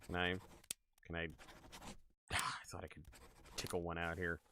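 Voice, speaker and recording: A man's voice: sits low, monotone, moderate pace, noisy background. A man streaming a game, joking with chat and thinking aloud as he plays. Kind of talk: casual gaming stream chat.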